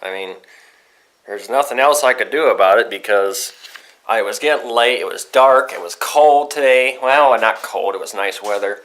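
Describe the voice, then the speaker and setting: A man's voice: fairly low pitch, normal speed, rough recording. Swearing young man telling a story. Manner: rambling, profane, excitable storytelling. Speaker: vlogger. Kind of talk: casual storytelling vlog.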